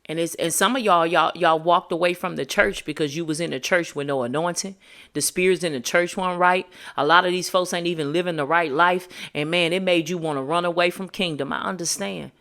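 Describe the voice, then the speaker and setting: A woman's voice: fairly low pitch, brisk, a bit bright. Preachy, slangy woman podcast host. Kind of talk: motivational monologue.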